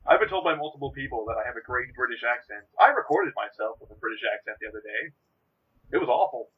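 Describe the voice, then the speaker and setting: A young man co-hosting a casual podcast, jokey and rambling, with a husky voice. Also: medium pitch, expressive, fast talker, a little hiss or hum. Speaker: podcast co-host. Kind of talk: casual banter. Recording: dull lo-fi home mic.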